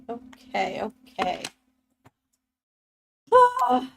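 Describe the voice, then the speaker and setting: A woman in her thirties chatting casually with her chat while streaming a game, bubbly and quick to laugh. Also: medium pitch, expressive. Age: 30s. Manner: giggly and bubbly, laughs often.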